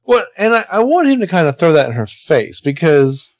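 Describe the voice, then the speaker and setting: A man's voice: fairly high pitch, moderate pace, dry recording. A man co-hosting a podcast, recapping a TV episode in casual chat, swearing freely and throwing in jokey asides. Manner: animated, profane, jokey asides. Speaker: podcast co-host.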